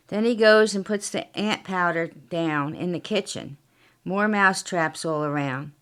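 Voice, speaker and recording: A woman reading her own mystery story aloud as author and podcast narrator, unhurried and plain. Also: on the low side, a bit bright, smooth.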